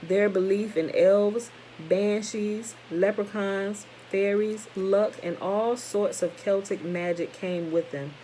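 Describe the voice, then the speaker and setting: A woman's voice: mid-range voice, steady tone, slow, few pauses, warm tone, slight background noise, poor audio. A woman reading a text aloud to listeners, stopping for casual asides and correcting her own stumbles. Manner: reads steadily, breaks off for informal comments to listeners; stumbles over words and corrects herself.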